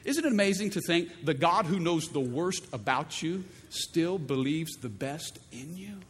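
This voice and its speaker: A middle-aged male pastor preaching with a high, lively voice that swoops up and down, full of playful call-and-response. His sermon rings out with the long reverb of a large church hall, with faint room ambience behind it. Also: unhurried, a little hiss or hum.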